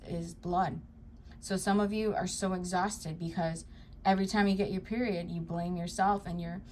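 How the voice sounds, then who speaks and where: A woman giving a tarot card reading to her viewers, talking to them directly in a soft, reassuring way. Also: medium pitch, a little hiss or hum. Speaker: psychic tarot reader.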